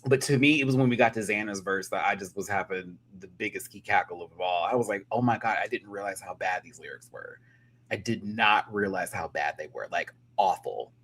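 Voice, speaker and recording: A man's voice: on the low side, brisk, fairly bright tone, breathy edge. A man giving a sassy, dramatic casual rant reviewing a reality TV episode, with cackling asides.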